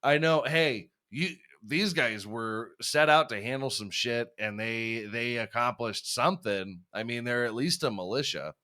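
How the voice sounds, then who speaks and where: A man's voice: lowish voice, sharp tone, smooth. A young man hosting a podcast, rambling and swearing freely, often laughing at himself. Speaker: podcast host. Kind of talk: casual chat.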